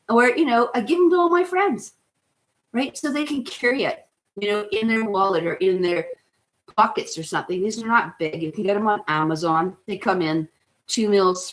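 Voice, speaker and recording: A middle-aged woman talks casually about wellness as the host. She is chatty and enthusiastic and keeps checking in with "right?". Her voice sits in an ordinary middle range. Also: medium pitch. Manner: chatty, enthusiastic, rambling with frequent "you know" and "right?".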